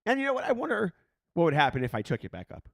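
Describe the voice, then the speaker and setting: A man co-hosting a podcast in a studio, excitable and rambling, laughing often as he talks. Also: on the high side, racing, gravelly, dry recording. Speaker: podcast co-host. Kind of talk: casual comedic chat.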